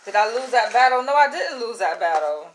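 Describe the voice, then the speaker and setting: A woman vlogger telling a casual story in an animated, exasperated way, peppered with slangy "yo". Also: on the high side, a little fast, slight background noise, rough recording.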